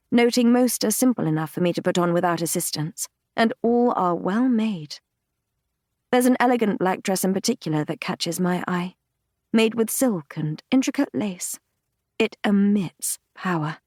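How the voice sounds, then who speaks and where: A woman narrating a fantasy romance audiobook in the first person, reading in a measured, intimate, unhurried way. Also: medium pitch, a little mellow, dry recording, studio quality. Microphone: close studio mic, dry.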